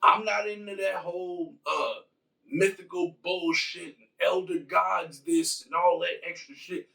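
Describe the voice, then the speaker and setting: A man's voice: sits high, fairly even intonation, measured pace, creaky, pushed and bright, echoey room, far from the mic, heavily acted. A man voicing a tough woman soldier who talks bluntly, with swearing, and brushes people off. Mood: impatient. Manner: blunt, profane, dismissive.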